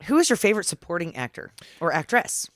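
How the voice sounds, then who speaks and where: Podcast guest, laughs a lot, very swooping pitch, dry mic. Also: sing-song, fast talker, no room sound. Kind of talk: casual movie-riffing chat.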